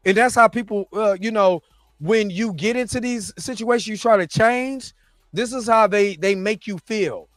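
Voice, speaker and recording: A man's voice: sits high, moderate pace, no echo, studio quality, faint music behind. A man hosting a reaction show, recapping episodes in a loose, slangy, rambling way full of restarts and asides.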